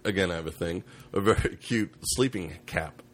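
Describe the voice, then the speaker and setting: Deep-voiced man recapping a movie. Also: normal speed. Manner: rambling, joking plot recaps. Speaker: podcast co-host. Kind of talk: casual movie review chat.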